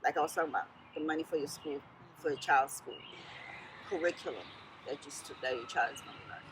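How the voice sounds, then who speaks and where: A woman's voice: deep voice, fast, slight background noise, rough recording. A woman with a Southern US accent, a political candidate speaking in an interview in an emphatic, encouraging way that repeats key phrases. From Sierra Leone. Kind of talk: casual interview talk.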